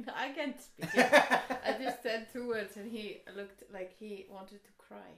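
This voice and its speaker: A woman in casual podcast chat, playful and quick to laugh. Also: mid-range voice, a crowd in the background. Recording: roomy studio echo.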